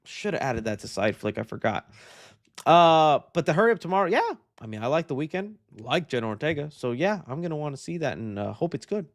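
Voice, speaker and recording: A young man hosting a live stream, reading viewer questions out loud and answering them in a chatty, upbeat way. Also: fairly high pitch, very animated, a little fast. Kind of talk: casual live-stream chat.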